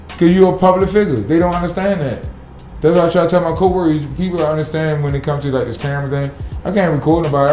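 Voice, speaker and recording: Man, rapid blunt talk, mellow tone, roomy echo, faint music. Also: on the high side. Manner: blunt, profane, fired-up. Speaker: city sanitation worker, guest. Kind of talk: casual podcast interview.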